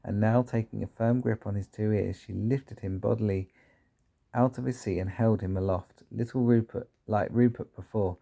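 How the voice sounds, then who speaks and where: Man with a gravelly low voice reading aloud. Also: steady tone, moderate pace, mellow. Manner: stumbles and corrects himself. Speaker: reader. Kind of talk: reading a children's book aloud.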